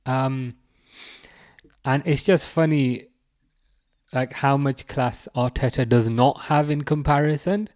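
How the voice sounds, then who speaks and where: In a clean, echo-free studio recording, a young English host with a mid-range voice rambles through a football watch-along livestream. He reads viewer comments out loud and mocks them, chatting casually with lots of fillers and restarts.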